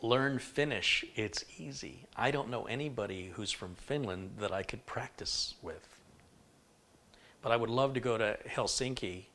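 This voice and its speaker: A man's voice: on the low side, a bit bright. Chatty man hosting a live stream. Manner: rambling and chatty, often laughing and reading viewer comments aloud. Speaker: PC building livestream host. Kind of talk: casual live-stream chat.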